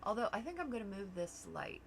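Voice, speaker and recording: A woman's voice: medium pitch, big pitch swings, fast talker, slight background noise. A middle-aged woman hosting a crafting livestream, chatting casually with her daughter and laughing easily. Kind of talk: casual chat while crafting.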